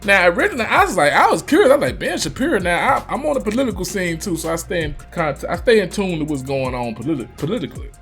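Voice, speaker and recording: A man's voice: high voice, sing-song, fast, few pauses, a bit bright, faint music behind. A man with a Virginia accent giving loose, slangy reaction commentary, swearing freely. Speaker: reaction youtuber.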